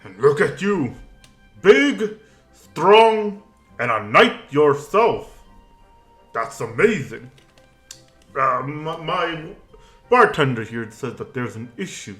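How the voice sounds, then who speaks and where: A man's voice: fairly high pitch, big pitch swings, slow pace, long pauses, a bit bright, soft background music, pitched above the performer's own voice, heavily acted. A man voicing a male tavern owner who gushes and stammers, recorded in an echoey room. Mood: jovial. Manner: effusive, stammering. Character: male tavern owner, jovial then nervous.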